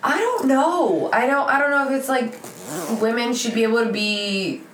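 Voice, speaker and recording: A woman's voice: fairly high pitch, normal speed, fairly bright tone. A woman with an Oklahoma country accent co-hosting a podcast in casual chat at home, teasing and playful. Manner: teasing, playful, laughs often. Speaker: podcast co-host. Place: home room, man cave. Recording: echoey room.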